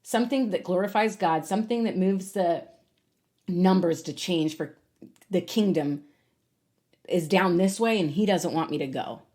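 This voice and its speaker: Earnest woman podcaster, lower voice. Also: unhurried, dark tone. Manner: candid, earnest, many fillers and restarts. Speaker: podcast host. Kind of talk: personal faith talk, unscripted monologue.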